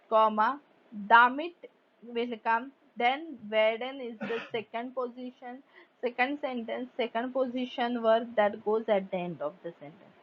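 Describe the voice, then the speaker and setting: A woman teaching a German grammar lesson, reading example sentences and then explaining them carefully in English. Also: fairly high pitch. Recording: dull lo-fi recording.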